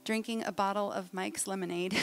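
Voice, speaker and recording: A woman speaker telling a humorous story to a live audience, acting out voices as she goes. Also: medium pitch. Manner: animated, humorous, acts out voices. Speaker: conference speaker.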